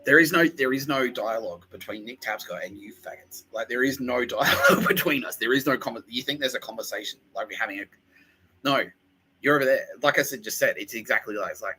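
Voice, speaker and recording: A man's voice: fairly low pitch, brisk, sharp tone, breathy edge, poor audio. A man hosting a podcast, ranting in a rambling comedic monologue, sweary and sarcastic. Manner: sweary, sarcastic, mocking voices of others. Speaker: podcast host.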